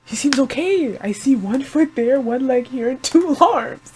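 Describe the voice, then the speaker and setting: A woman's voice: high voice, animated, unhurried, darkish tone, slight background noise. A woman hosting an anime reaction video, talking in an emotional, panicky and rambling way with many exclamations. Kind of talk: live reaction commentary.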